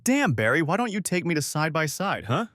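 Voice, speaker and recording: A man's voice: on the high side, big pitch swings, fairly quick, fairly bright tone, no echo, voice pushed up. A bossy mother teases and orders her husband about in a raised voice, as a male narrator puts her on. It is a storybook reading with a dry sound. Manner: ordering, teasing.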